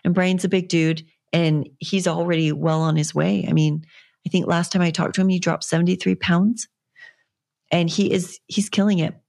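A woman's voice: fairly low pitch, fairly even intonation, normal speed, creaky, darkish tone. A young adult woman, a fitness coach, rambling earnestly and encouragingly in a casual solo podcast monologue.

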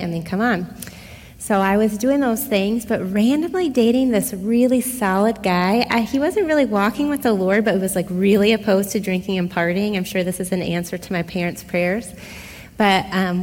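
A middle-aged woman tells her personal story in a relaxed, conversational way and talks straight to the people listening. Her voice sits at a medium pitch and carries a long hall reverb, as if she is on a stage in a large room. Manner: conversational, expressive, addresses listeners directly. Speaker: speaker giving a personal testimony. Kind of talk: casual storytelling testimony.

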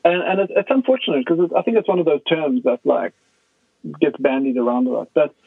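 Male guest expert, animated storyteller, dry phone-quality audio. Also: a little high, a little fast, gravelly, no room sound. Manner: animated storyteller who acts out quoted dialogue. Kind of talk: conversational podcast explanation. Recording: tinny phone line, dry.

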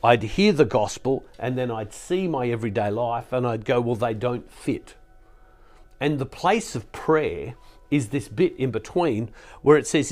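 Guy preaching a reflective sermon, earnest, mid pitch, soft music under it. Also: lively intonation, measured pace. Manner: earnest, reflective, with many restarts. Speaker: Catholic speaker and preacher. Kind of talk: sermon-style spiritual talk.

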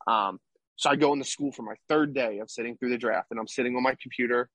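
Young male athlete guest, husky, casual rambling storyteller, dry close sound. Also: mid-range voice, quick pace, a bit bright, no echo. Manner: rambling, tag questions like "right?". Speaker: podcast guest, baseball player.

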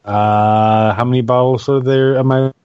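A man's voice: mid-range voice, fairly even intonation, a little slow, clear, resonant tone, no room sound, lo-fi sound. A man playing in a tabletop game, unsure as he checks rules and rolls for his creatures. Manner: unsure, asks about rules while rolling. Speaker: player (paladin). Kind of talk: casual tabletop play.

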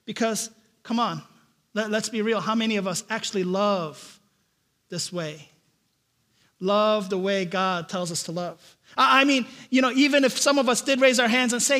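A man preaching a sermon, telling a family story with lively, animated delivery and frequent repeated starts. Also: high-pitched, moderate pace. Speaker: pastor.

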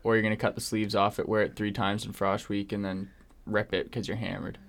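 A man's voice: on the low side, little pitch movement, a little fast. A young man from Canada co-hosting a podcast in casual chat, laid-back, with lots of fillers and swearing. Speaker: podcast co-host.

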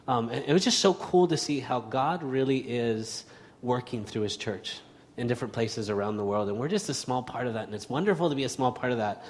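A man's voice: medium pitch, brisk. A man who grew up between the United States and Spain gives a sermon as a pastor, chatty and self-deprecating with many fillers and restarts. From United States, raised in Spain. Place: church hall. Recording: reverberant church hall.

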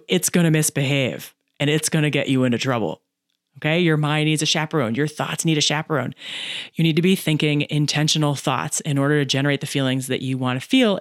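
A woman coaching on mindset in a solo podcast, lively and chatty, often adding "right?" and acting out inner voices. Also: sits low, no echo, studio quality. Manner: acts out inner voices and laughs at herself.

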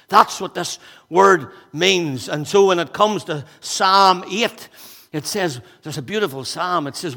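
A man with a high, bright voice, preaching with energy and chatty asides while a little out of breath. His voice carries a long reverb from the hall around him. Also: normal speed. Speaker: pastor. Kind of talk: sermon.

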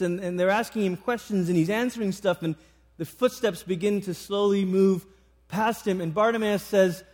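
A man's voice: high voice, fairly even intonation, moderate pace, darkish tone. A man preaching a sermon, retelling a story with frequent restarts.

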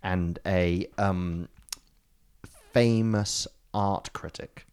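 A man's voice: deep voice, steady tone, drawn-out words, a little mellow, clean tone. An Australian man co-hosting a casual podcast, rambling through a joke with lots of fillers. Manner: rambling, filler-heavy storytelling with hearty laughs. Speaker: podcast co-host. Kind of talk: casual pub-style banter, telling a joke.

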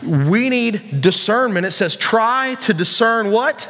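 A high-voiced man preaches to young people in a casual, joking way, often asking the crowd questions. His voice carries a long reverb from a church hall. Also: expressive, slow, a bit bright. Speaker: youth pastor. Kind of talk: sermon.

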